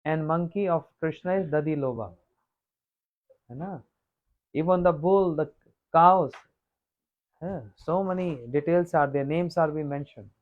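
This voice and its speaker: Man, sermon storytelling, clears throat often, muffled lo-fi recording. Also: on the high side. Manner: unhurried, repeats phrases, clears throat often. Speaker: monk giving a scripture talk.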